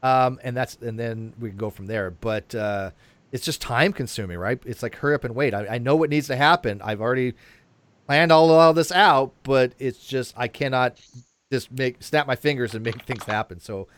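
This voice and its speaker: A man's voice: medium pitch, normal speed, a bit bright. Hesitant male host with many fillers. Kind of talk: casual chat.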